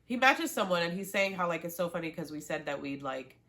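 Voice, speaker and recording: A woman's voice: lowish voice, a little fast. A young woman chatting casually as she recaps a reality dating show, full of "like" and acted-out quotes of the cast. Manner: chatty and animated, lots of "like" and quoted reactions.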